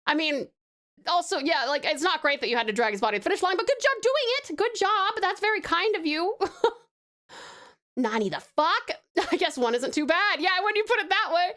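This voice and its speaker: Woman, Australian accent, high pitched, lively, playful, casual stream chat. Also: a little fast. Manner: giggly and playful, laughs often.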